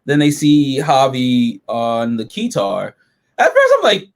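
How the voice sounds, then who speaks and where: A man's voice: mid-range voice, slow. A man hosting a casual review chat, rambling and swearing freely as he talks through an episode. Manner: animated, profane, rambling. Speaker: show host reviewing episodes.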